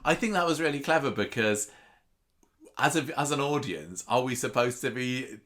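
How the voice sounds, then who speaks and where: A man's voice: mid-range voice, animated, normal speed, fairly bright tone. A man co-hosting a podcast, musing in casual chat and thinking aloud with restarts. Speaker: podcast co-host. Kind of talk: casual chat recapping a soap.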